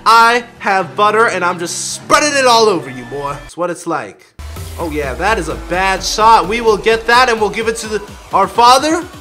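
A man giving live commentary over a basketball video game, excitable, shouting at his players and laughing often. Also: high voice, moderate pace, soft background music. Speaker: gaming YouTuber.

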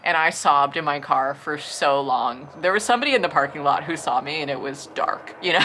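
A woman's voice: sits low, fairly quick, few pauses, bright, forceful tone, slight background noise. A young woman in her twenties telling a casual storytime, chatty, with lots of "like" and "you know". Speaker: vlogger.

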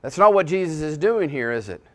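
A man preaching a sermon as pastor, swinging between hushed and loud, emphatic passages, often restarting his words. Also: on the high side, big pitch swings, fairly quick. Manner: frequent self-restarts and repetitions.

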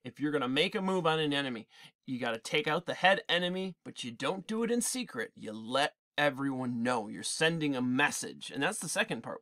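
A male teacher giving an animated, digressive literature lecture in class, with frequent restarts. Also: mid-range voice, fairly quick. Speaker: English teacher.

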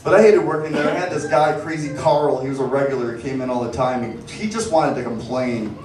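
A man doing a stand-up comedy set, telling stories in a deadpan, sardonic way from a club stage. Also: mid-range voice, a little fast. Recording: echoey club, distant mic, noisy.

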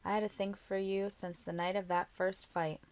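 A woman's voice: medium pitch, flat delivery, moderate pace, a little mellow, natural voice. A woman voicing a cocky young fighter who talks bluntly and teasingly to his girlfriend, in an audiobook reading. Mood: tender. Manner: teasing, blunt, swears easily.

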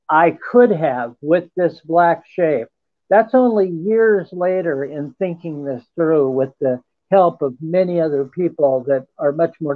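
A man with a high voice recounts a personal story in an earnest, halting way, pausing to restart his sentences. He is heard over a tinny, dry phone line. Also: no echo. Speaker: interview guest. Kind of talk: first-person account in a radio interview.

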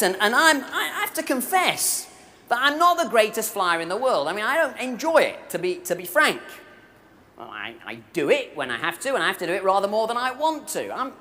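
A man's voice: high voice, very animated, brisk, sharp tone. A man preaching a sermon at a conference, telling stories with humour and appealing directly to his audience. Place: large hall at a conference event. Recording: live recording in a reverberant hall.

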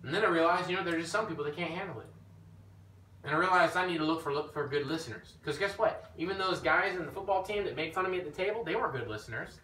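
A man preaching an informal teaching sermon, telling his own story in an animated way that rises when he gets emphatic. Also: fairly high pitch, fast talker. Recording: echoey room, mic at a distance, faint background noise.

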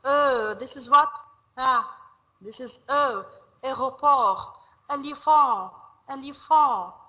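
A woman teaching French to a primary class, repeating words slowly to drill pronunciation. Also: high voice, bright, forceful tone, poor audio. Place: school classroom.

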